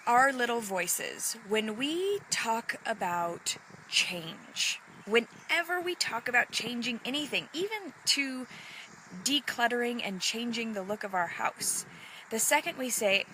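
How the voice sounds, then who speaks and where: A woman's voice: a little high, animated, pushed and bright, slight background noise, poor audio. A woman life coach talking in a casual motivational live stream, earnest and encouraging. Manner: earnest and encouraging, slow and reflective. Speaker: life coach hosting a live video session.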